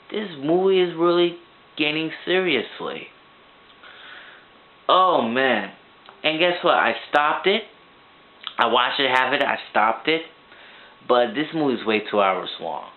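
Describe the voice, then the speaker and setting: A man ranting through a movie review in an excitable, rambling way, now and then shouting. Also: medium pitch. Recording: tinny phone-like sound.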